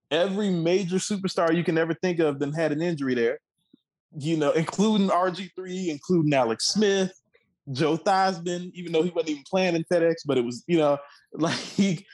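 A man's voice: fairly high pitch, moderate pace, rough recording. A man in his twenties from the Washington, D.C. area, co-hosting a sports talk show with a heated, profane, emphatic rant. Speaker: co-host.

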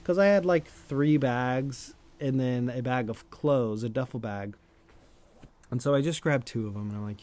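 A man's voice: medium pitch, normal speed, darkish tone. A man telling a personal story in a loose, chatty way, full of "like", light laughs and casual swearing. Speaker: storyteller host.

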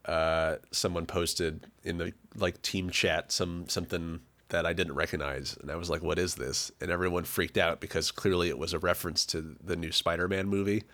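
A man with a hoarse, deep, gravelly voice from being sick, chatting casually as a podcast co-host in a dry, self-deprecating way. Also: fairly even intonation, normal speed, hardly any pauses, fairly bright tone. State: hoarse from illness. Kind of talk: casual chat.

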